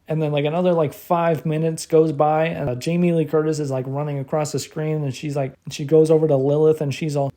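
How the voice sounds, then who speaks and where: A man retells a film's plot in a loose, rambling way, swearing constantly and stumbling over restarts. His voice sits a bit high but sounds soft and mellow. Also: flat delivery, brisk, few pauses. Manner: profane, rambling, many restarts and fillers; laughs while retelling. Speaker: movie reviewer. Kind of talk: casual rambling movie recap.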